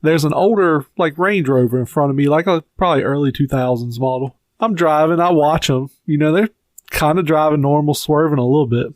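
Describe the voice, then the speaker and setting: A man's voice: on the high side, brisk, no echo. Crude, laughing podcast co-host, a man. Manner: crude jokes, laughs often, brief backchannels. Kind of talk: casual chat.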